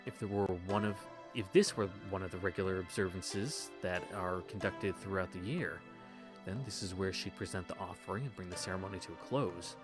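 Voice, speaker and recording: A man with a low, deep voice reads a story aloud in a relaxed read-through. He stumbles over longer words, backs up to fix them, and drops wry, sometimes profane asides. Soft music plays faintly underneath. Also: a little fast. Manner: swears casually in asides. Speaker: reader of a visual novel.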